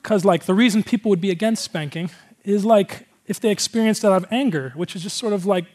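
Man, high voice, pastor, laid-back sermon, earnest, rambling, fillers everywhere. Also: quick pace, darkish tone. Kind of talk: casual, conversational sermon.

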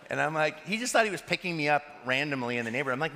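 A man, a pastor, giving a sermon that is full of lively stories. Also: medium pitch, quick pace, hardly any pauses, slight background noise. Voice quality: animated, laughs between anecdotes. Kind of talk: sermon with storytelling. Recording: reverberant hall.

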